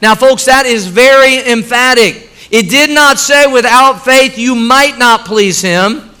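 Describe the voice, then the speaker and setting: A man's voice: very high-pitched, unhurried, pushed and bright, clear, resonant tone. A man preaching a sermon to his church, emphatic and repeating key phrases for weight. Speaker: pastor. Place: church sanctuary with congregation.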